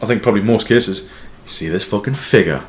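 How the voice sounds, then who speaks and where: A man co-hosting a casual podcast chat, telling animated stories with lots of swearing and laughter. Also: lowish voice, fast. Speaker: podcast co-host.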